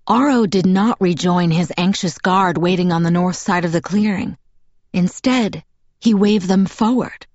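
Low-voiced woman narrating an audiobook. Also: unhurried, a little mellow, no room sound, highs cut off. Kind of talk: scripted first-person narration.

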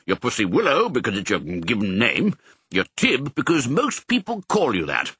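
Casting: a man putting on a hearty old sheepdog colonel for a storybook, bright and forceful, bouncing all over his range, slightly husky. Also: medium pitch, huge pitch swings, dry recording, full character voice. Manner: brisk, bluff, fatherly. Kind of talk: audiobook character voice.

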